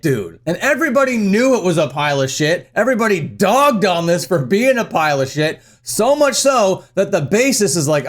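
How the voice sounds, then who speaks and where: A young man with a high voice rants in profane, sarcastic commentary. He sounds incredulous and mocking, laughing at what he reads.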